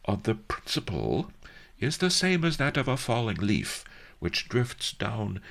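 A man voicing a calm, elderly male scholar who explains things in a measured way for a storybook reading. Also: lowish voice, vocal fry, pitched above the performer's own voice, exaggerated voice. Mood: explaining.

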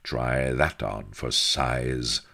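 A grim, cocky sea captain with a very deep, gravelly voice and clipped, hard delivery, as a man reads his lines. He takes his time, every word flat and steely, with a rasp at the bottom. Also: very slow, heavily acted. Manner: curt, hard-edged. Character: grim, cocky male naval captain in disguise.

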